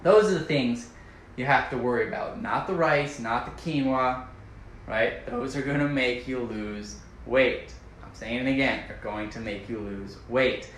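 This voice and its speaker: A man's voice: medium pitch, a little slow, a bit bright. Emphatic, playful man in an echoey room. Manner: emphatic, repetitive, playfully enthusiastic. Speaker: health vlogger. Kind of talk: casual to-camera advice talk. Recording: echoey room with faint ambient noise.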